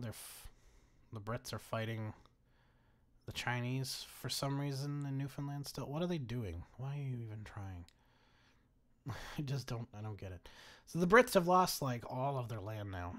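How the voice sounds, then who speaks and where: A young man giving casual strategy-game commentary, laughing often and swearing freely. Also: on the low side. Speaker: gaming commentator.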